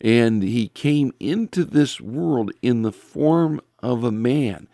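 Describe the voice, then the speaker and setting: A man preaching a sermon in an earnest way, quoting scripture and often pausing with fillers and restarts. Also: mid-range voice, expressive, gravelly, dark tone, dry recording, studio quality.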